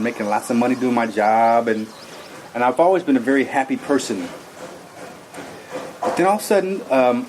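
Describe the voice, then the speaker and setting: A man's voice: medium pitch, background noise. A man recounting a personal experience in an earnest, rambling way, full of fillers and restarts. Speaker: guest telling his story. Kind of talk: personal testimony.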